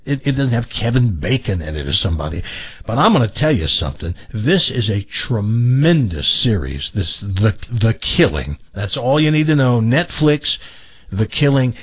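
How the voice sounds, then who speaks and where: A man's voice: mid-range voice, husky, highs cut off. A man hosting a radio talk show, chatting casually and telling a long joke with voices for its characters. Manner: animated storyteller, voices characters in jokes.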